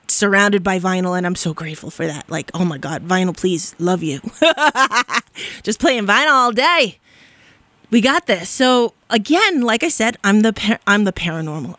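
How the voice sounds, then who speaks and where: A woman's voice: mid-range voice, a bit bright, no echo. Bubbly, giggly woman radio DJ. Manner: bubbly, effusive, giggly and rambling. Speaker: radio DJ and host. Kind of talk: casual radio DJ chat. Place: radio studio.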